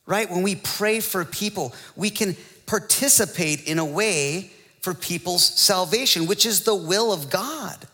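A man preaching a sermon at a slow, deliberate pace, his bright voice pitched a little high. He swings from quiet teaching up into excited rhetorical questions. The sound carries the long reverb of a large hall. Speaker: pastor.

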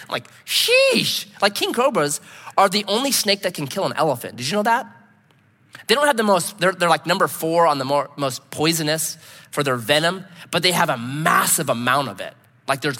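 Male preacher, animated storyteller, bright, sharp tone in a reverberant hall. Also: high voice. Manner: animated storytelling, acts out his own shouts. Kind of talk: sermon with a story.

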